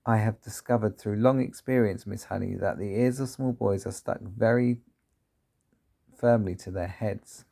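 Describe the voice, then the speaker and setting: A man's voice: fairly low pitch, fairly even intonation, normal speed, vocal fry. A man voicing a tyrannical, bullying headmistress who barks and snaps at children, read from a storybook. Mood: domineering. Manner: shouting, barking, snapping.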